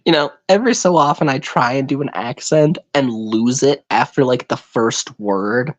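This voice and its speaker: A man's voice: medium pitch, moderate pace, lo-fi sound. A man in casual chat on a live stream, rambling and tripping over his words. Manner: rambling, stumbles over words, slips into put-on voices. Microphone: home microphone on a live stream.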